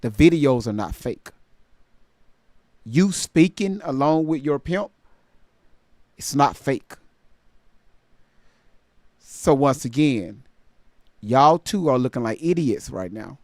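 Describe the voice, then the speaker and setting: A man's voice: mid-range voice, expressive, takes it slowly, long pauses, darkish tone, dry recording, studio quality. A man giving reaction commentary on a clip, stammering and incredulous.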